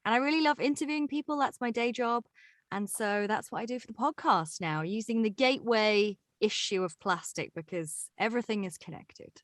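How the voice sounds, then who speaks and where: A woman's voice: on the high side, brisk, no room sound. Chatty English woman, bone-dry sound. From England. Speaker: podcast guest. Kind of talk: casual interview chat. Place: home in East London.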